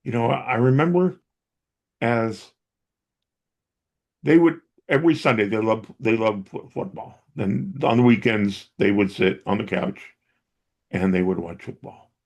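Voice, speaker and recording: Speaking slowly with long pauses, a middle-aged man recalls his family in earnest, thoughtful stories during an interview. He helps dementia caregivers, and his fairly low voice sounds gravelly and a little mellow.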